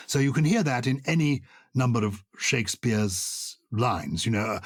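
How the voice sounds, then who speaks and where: An older man co-hosting a podcast, explaining poetry with lively enthusiasm and reciting verse with emphatic rhythm. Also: on the low side, moderate pace, few pauses, husky, no room sound, studio quality. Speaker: podcast co-host.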